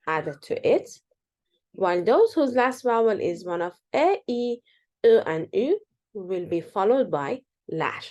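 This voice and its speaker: A woman gives an online language lesson. Her delivery is slow and unhurried, and her pitch swings widely as she stresses each example word. She pauses on fillers and corrects herself as she explains. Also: a little mellow, dull audio. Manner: slow, explanatory, repeats example words with emphasis; many fillers and self-corrections. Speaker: Turkish teacher.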